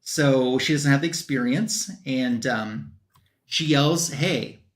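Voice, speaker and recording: A man's voice: mid-range voice, takes it slowly. A man hosting a comic book panel stream, recapping a story in loose, rambling casual chat with lots of fillers. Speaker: host of a comic book review show.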